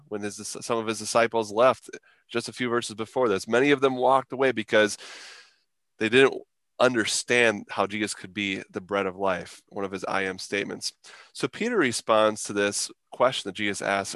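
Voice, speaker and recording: A man's voice: lowish voice, moderate pace, fairly bright tone, dry recording. A man, a pastor, explaining scripture on a podcast in a reflective, emphatic way.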